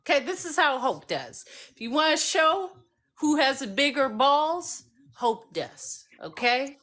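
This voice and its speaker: A woman hosting a casual live stream, telling a lively story and acting out the voices of the people in it. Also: high voice, a little slow. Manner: animated storyteller who acts out voices. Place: home by a fireplace.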